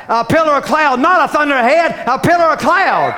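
A man preaching a fervent sermon, repeating phrases and rising to shouts. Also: extremely high pitch, moderate pace, hardly any pauses.

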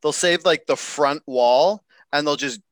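A man's voice: fairly high pitch, unhurried, a bit bright, no room sound. A man from Canada co-hosting a podcast, joking and teasing in casual banter. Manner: joking, teasing, laughs often. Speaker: podcast co-host.

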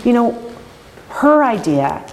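A middle-aged woman speaks warmly and haltingly, often restarting her sentences. She laughs easily and gets choked up now and then. The room has a long reverb and a faint hiss of ambience behind her. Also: a little high, very animated. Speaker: interviewee, winery owner. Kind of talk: oral history interview.

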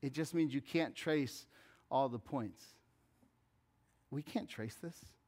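A pastor preaching a conversational sermon that rises to fervent appeals. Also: male voice, medium pitch, slow, a little mellow.

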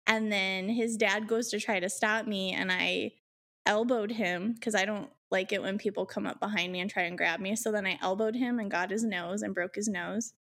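A woman telling a personal story in casual chat, acting out quotes in higher voices and swearing freely. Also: fairly even intonation, moderate pace, a bit bright.

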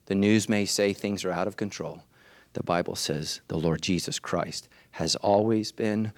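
A male pastor delivering a sermon in church, swinging from hushed, low lines to high, shouted ones with urgent repeated refrains. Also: no room sound.

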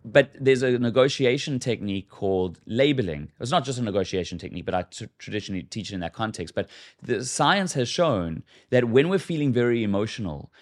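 Mid-pitched male guest coach, animated and explanatory, casual podcast talk. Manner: explanatory, animated, acts out example lines.

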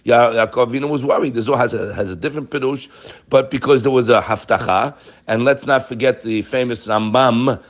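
A man giving an animated Torah class, fervent and full of rhetorical questions. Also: mid-range voice, a little fast. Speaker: Torah teacher.

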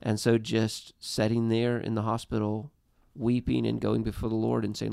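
Earnest male storyteller, thirties, low smooth voice with gravel, dry close sound. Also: completely flat delivery, warm tone, no room sound. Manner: earnest, halting with restarts. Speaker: guest. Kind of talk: personal storytelling in a podcast chat.

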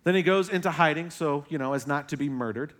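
A young male pastor delivers a sermon as an animated story, his voice sitting slightly high for a man. He throws in sarcastic jokes, then sinks to a hushed, intense delivery. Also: fast talker.

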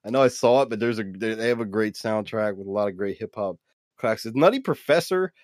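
A man's voice: on the low side, a little fast, no room sound, clean studio sound. A man from the US East Coast co-hosting a podcast, talking loosely, profanely and enthusiastically. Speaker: podcast co-host. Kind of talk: casual podcast chat.

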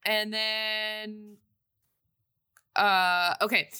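A woman hosts a relaxed chat about a movie, with a bright, forward tone. She jokes freely and laughs often between her points. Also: medium pitch, extremely slow, clean tone. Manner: giggly, jokey, acts out quotes. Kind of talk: casual chat reviewing a movie.

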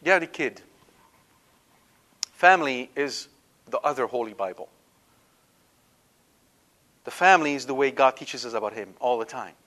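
A man's voice: mid-range voice, animated, normal speed, pauses often, pushed and bright. A man preaching a sermon, emphatic and direct, often checking in with his listeners. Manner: emphatic, asks listeners "do you understand?".

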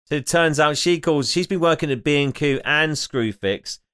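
Guy from up north on a podcast, smooth clear voice, giggles a lot and swears, does little voices for people. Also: fairly high pitch, moderate pace, a bit bright. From northern England. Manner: swears casually, laughs often, acts out quoted voices. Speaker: podcast co-host. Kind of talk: casual chat.

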